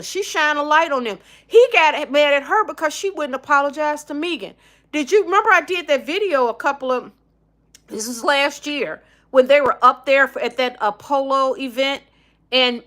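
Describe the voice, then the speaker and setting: A woman's voice: high-pitched, pushed and bright. A middle-aged woman hosting a casual opinion livestream, blunt and emphatic, reading viewer comments. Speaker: livestream host.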